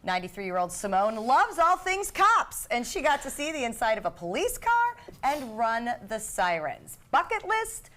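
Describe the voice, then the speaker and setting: Bubbly middle-aged woman, talk show co-host, fairly high voice, quick laughs. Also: big pitch swings, fairly bright tone. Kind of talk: casual studio chat.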